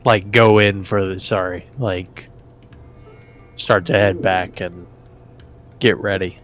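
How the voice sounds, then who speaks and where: A man's voice: deep voice, fairly even intonation, slow, fairly bright tone, soft background music. Easygoing male tabletop player. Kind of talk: casual chat at a game table.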